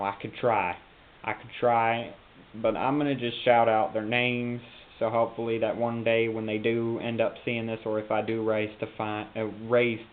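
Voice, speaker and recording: Rambling young man, tinny lo-fi recording. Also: fairly low pitch. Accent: put-on Southern drawl. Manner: meandering, self-interrupting, halting. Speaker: YouTube vlogger. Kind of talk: rambling casual monologue. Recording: phone-like lo-fi with faint hiss.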